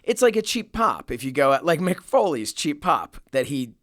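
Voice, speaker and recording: A man's voice: a little high, big pitch swings, moderate pace, a bit bright, no room sound, studio quality. A young man co-hosting a podcast in casual chat, who laughs often and rambles with plenty of fillers. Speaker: podcast co-host.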